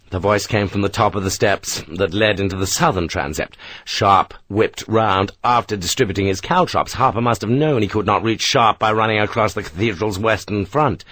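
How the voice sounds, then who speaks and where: A man's voice: on the low side, a bit bright, no room sound. A man narrating a war novel as an audiobook, telling the battle with tense, vivid delivery.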